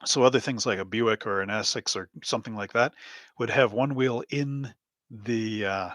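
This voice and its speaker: A man's voice: on the low side, normal speed, a bit bright, no room sound. Male host, casual live stream chat, rambling, anecdotal, chuckles often, dry close sound. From Canada. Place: home hobby room.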